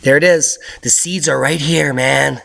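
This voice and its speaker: A man hosting a news update, giving casual commentary over clips in an excitable, sarcastic way with sudden loud outbursts. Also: on the high side, a little slow, vocal fry. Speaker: host of a news update channel.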